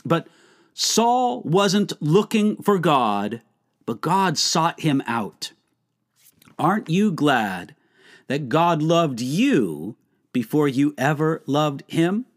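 A man pastor giving a short devotional Bible teaching, earnest and measured, slowing down to stretch key words. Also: a little high, sing-song.

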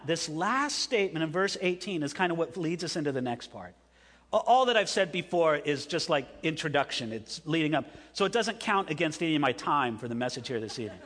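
A man's voice: fairly high pitch, a bit bright, breathy edge, big-room sound. A man preaching an evening sermon to a congregation, stressing phrases and asking the room questions. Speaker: pastor.

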